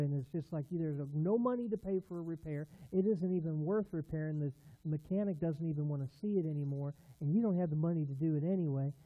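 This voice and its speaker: A man preaching as a pastor, telling a story in a conversational sermon style, earnest and rising to emphatic bursts. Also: a little high. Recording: tinny phone-like sound.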